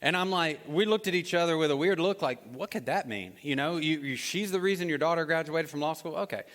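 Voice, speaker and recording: Male pastor, high-pitched, chatty storytelling sermon, reverberant hall sound. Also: a little fast. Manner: storytelling, animated and conversational. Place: church auditorium.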